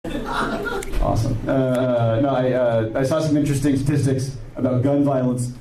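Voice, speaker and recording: A man's voice: mid-range voice, very animated, normal speed. A man calling into a stream, telling rambling jokes, stammering and laughing at his own punchlines. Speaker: caller. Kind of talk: casual call-in joke-telling. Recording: distant echoey voice-chat mic with background noise.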